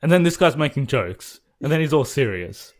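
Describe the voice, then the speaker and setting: A man's voice: mid-range voice, very animated, normal speed, a little mellow. A man co-hosting a podcast, giving blunt, critical opinions in casual movie review chat. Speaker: podcast co-host.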